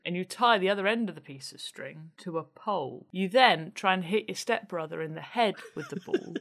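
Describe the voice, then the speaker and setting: A woman co-hosting a comedy podcast, playful and quick with silly asides. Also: fairly low pitch, animated, vocal fry. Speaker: podcast co-host. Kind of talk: casual comedic chat.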